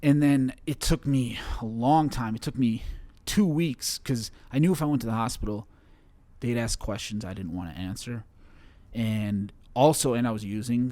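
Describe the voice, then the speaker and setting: A young man from Chicago, a guest on an interview show, recounting a personal story in a halting way with many fillers and restarts. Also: medium pitch, no echo.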